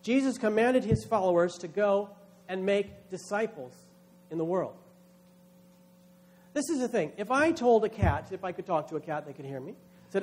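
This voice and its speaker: High-voiced man preaching a sermon. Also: lively intonation, normal speed, a little mellow. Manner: emphatic preaching, acts out voices in quotes. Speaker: pastor.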